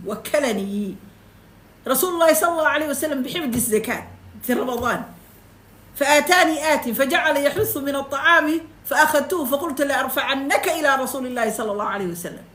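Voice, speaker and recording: Lady teaching a hadith class, high pitched, broken english, echoey room. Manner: recites Arabic fast, then retells it in simple, broken English; animated, switching between Arabic and English. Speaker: Quran teacher. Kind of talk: telling a hadith to a small class. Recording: echoey room with faint noise.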